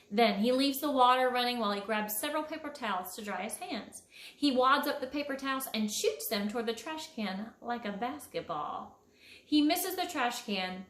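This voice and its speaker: A children's author speaking to elementary students with bright encouragement, then reading her picture book aloud with lively storytelling. Her voice sits fairly high for a woman. The recording has noticeable room echo. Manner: warm, encouraging, expressive storytelling. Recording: echoey room.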